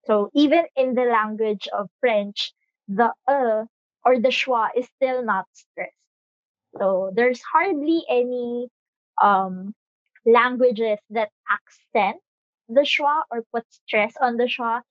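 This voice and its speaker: A woman's voice: fairly high pitch, slow pace, no echo, dull audio. A woman adding to a classroom presentation on phonetics, hesitant with many fillers.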